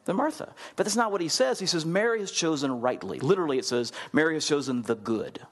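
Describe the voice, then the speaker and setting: A man preaching a sermon in a conversational, animated way, acting out the people in the story and putting questions to his listeners. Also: quick pace. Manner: animated storyteller, acts out quotes with big swings in pitch; conversational, asks the congregation questions. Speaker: pastor.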